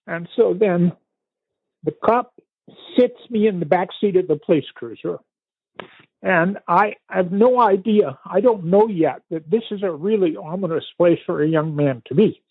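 A man's voice: high-pitched, husky, no echo. Older man telling a story over a tinny line. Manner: unhurried, vivid storytelling with pauses and restarts. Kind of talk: recounting a family story in conversation. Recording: tinny phone-like line, dry.

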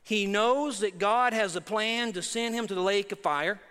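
High-voiced preacher in an echoing hall. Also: male voice, moderate pace, pushed and bright, smooth. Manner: emphatic, repetitive, conversational. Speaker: pastor. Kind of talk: sermon.

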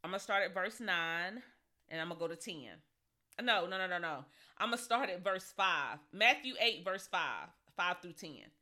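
A woman's voice: lowish voice, expressive, moderate pace, bright, forceful tone. A woman giving an informal Bible teaching in a conversational, folksy way, often repeating and restarting her phrases.

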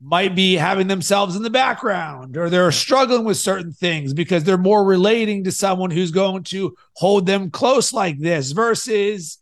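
High-voiced energetic male podcast coach. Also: a little slow, few pauses. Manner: energetic, swings between loud and soft to demonstrate. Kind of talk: coaching conversation.

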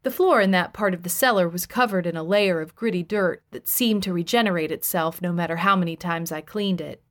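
A woman's voice: lowish voice, a little fast. A woman reading a first-person audiobook in a wry, conversational storytelling voice. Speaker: audiobook narrator.

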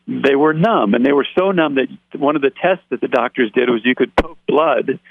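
A man as an interview guest, telling a personal testimony in an animated way and acting out the dialogue he quotes, over a phone line. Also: mid-range voice, moderate pace, vocal fry, no room sound. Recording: tinny dry phone line.

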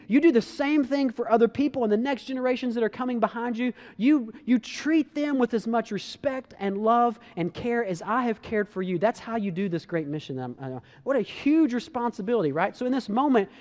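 A male pastor preaches in a casual, animated way, often restarting his sentences. His voice is notably high for a man. A long reverb of a large hall rings out behind him. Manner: conversational, animated, with repeated restarts. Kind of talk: sermon.

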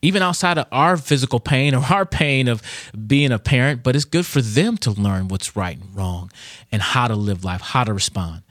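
A man's voice: mid-range voice, moderate pace, fairly bright tone, dry recording, clean studio sound. A middle-aged man and father giving an earnest, conversational devotional talk on parenting. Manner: earnest and conversational, acts out kids' voices. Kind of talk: informal devotional teaching.

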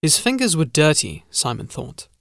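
A man narrating a gothic horror story in a measured, scripted audiobook style. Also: on the high side, wildly swooping pitch, creaky, a bit bright, no room sound, studio quality.

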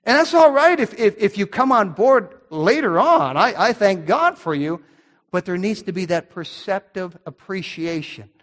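A man's voice: high-pitched, a bit bright. A middle-aged male pastor preaching a sermon earnestly, often restarting his words. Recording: long hall reverb.

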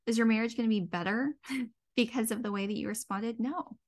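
A woman's voice: a little high, a little fast. A woman hosting a podcast as a dietitian and mindset coach, talking earnestly with lots of "um" and "you know". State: tearing up, near crying. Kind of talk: heartfelt solo podcast talk.

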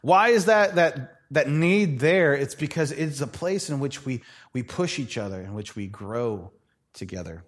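A man's voice: medium pitch, expressive, a little slow. A man preaching a church sermon, telling stories animatedly, acting out quoted voices and laughing often. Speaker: pastor.

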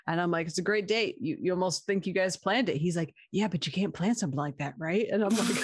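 Animated young woman, dry close sound. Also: on the low side, brisk, slightly rough, dry recording. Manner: animated, laughing, quotes others in her story. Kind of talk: casual storytelling chat.

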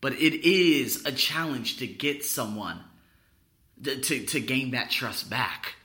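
A man's voice: mid-range voice, slow pace, sharp tone. A young man hosting a podcast, telling a personal story in a blunt, profane, rambling way. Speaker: podcast host.

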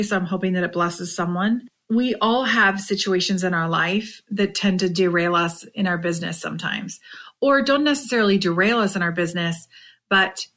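A woman hosting a podcast, talking without a script in an earnest, heartfelt way; she is tired and emotional, and often drops to a soft near-whisper. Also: lowish voice. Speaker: podcast host and direct sales coach. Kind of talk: unscripted motivational podcast monologue.

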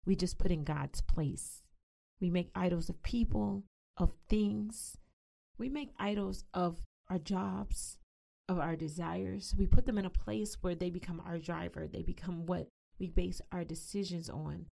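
A woman teaching a devotional sermon, reading scripture aloud quickly and then explaining it in plain, conversational words. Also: medium pitch, vocal fry, dark tone. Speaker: preacher.

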